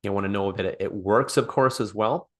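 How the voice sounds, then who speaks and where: A man's voice: on the low side, a little fast, a bit bright. A man coaching a small group on sales over a call, talking off the cuff, repeating and restarting phrases and acting out sample dialogue. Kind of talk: live online coaching session.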